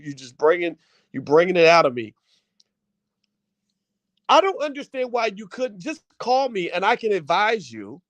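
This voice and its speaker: A man's voice: sits high, a bit bright, no echo. Fired-up man ranting to his viewers. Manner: passionate, repetitive, rhetorical questions to viewers. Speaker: channel host. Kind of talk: opinion commentary rant.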